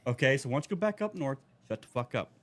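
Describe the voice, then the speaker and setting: A man's voice: medium pitch, rapid-fire. A man, co-hosting a podcast and riffing in a profane, ranting way. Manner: ranting, profane, animated tangents. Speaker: podcast co-host. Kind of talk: casual chat.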